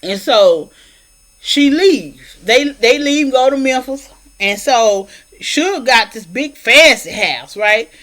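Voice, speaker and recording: High-pitched woman vlogger, animated colloquial storyteller recapping a film. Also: slow pace. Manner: animated storyteller, colloquial, slips into character voices. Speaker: movie reviewer. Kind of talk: casual plot recap.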